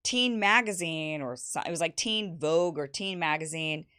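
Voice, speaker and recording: A woman's voice: low voice, normal speed, bright, forceful tone, smooth. A young woman hosting her own livestream, chatting casually about her life and reading viewer messages aloud with teasing asides and laughs. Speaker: show host. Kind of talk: casual birthday livestream chat.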